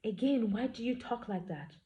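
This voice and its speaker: A woman's voice: on the high side, lively intonation, normal speed, dark tone, pitched above the performer's own voice, close to an everyday voice. A woman reading a blunt, exasperated young woman. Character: spirited, suspicious young woman.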